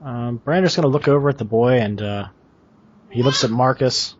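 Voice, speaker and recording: A man's voice: medium pitch, moderate pace, slight background noise. Man playing a tabletop game. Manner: casual, describing actions. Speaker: player. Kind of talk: in-character game talk. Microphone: video call. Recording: muffled lo-fi online call.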